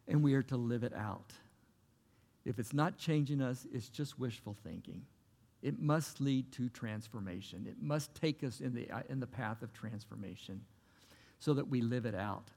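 Gravelly-voiced pastor preaching in a hall. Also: male voice, medium pitch, a little mellow. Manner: earnest, conversational preaching with repeated phrases. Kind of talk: sermon.

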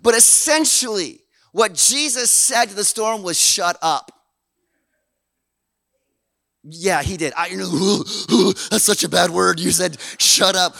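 A man from Canada preaching a sermon in an animated, folksy way, dropping low and then swelling loud. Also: takes it slowly, creaky, dry recording. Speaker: pastor.

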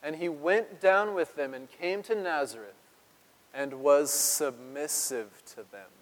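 A man's voice: a little high, unhurried, long reverb tail, rough recording. A male pastor giving a playful, conversational sermon in a church, chuckling often and speaking straight to the congregation.

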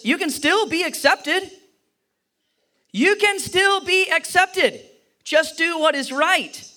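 A man's voice: medium pitch, bright, forceful tone. A man preaching a sermon, telling a personal story and acting out the voices in it with a playful manner. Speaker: pastor.

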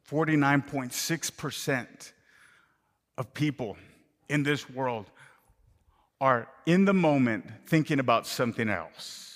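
A man delivering a sermon, repeating rhetorical questions to the congregation and moving between loud impassioned preaching and near-whispers. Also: mid-range voice, slow pace, long pauses. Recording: long reverb of a large hall.

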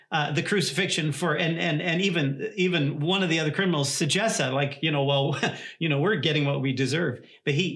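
Guy preaching a sermon, kinda high voice, earnest, keeps restarting his sentences. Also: fairly bright tone. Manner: earnest, repeats words and restarts often. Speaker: pastor.

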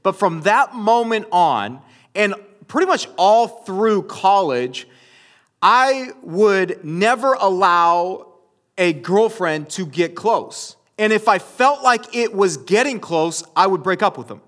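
A man's voice: high voice, lively intonation, takes it slowly, fairly bright tone. A man giving a sermon, telling a personal story to his audience in a rambling way with many restarts and fillers. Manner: addresses the audience directly.

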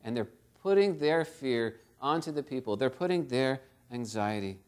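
A man's voice: mid-range voice, lively intonation, moderate pace, darkish tone, clear, resonant tone. A man preaching a sermon, retelling a story and exhorting his listeners with earnest, direct questions.

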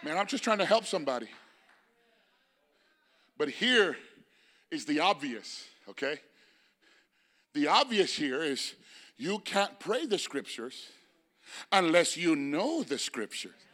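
A male pastor preaching a sermon, moving from chatty asides to loud, shouted passages. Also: fairly high pitch, big pitch swings, takes it slowly, long pauses.

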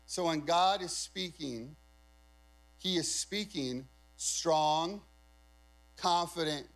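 Male pastor, sermon, conversational, emphatic, asks the crowd questions, fairly high voice, faint hum. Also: fairly bright tone, low-quality recording.

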